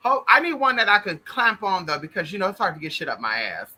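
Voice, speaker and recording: A man's voice: high voice, huge pitch swings, fast talker, few pauses, bright, forceful tone, breathy edge. A man hosting a casual livestream, greeting viewers one by one in a flamboyant, blunt and profane way, calling everyone honey. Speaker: livestream host.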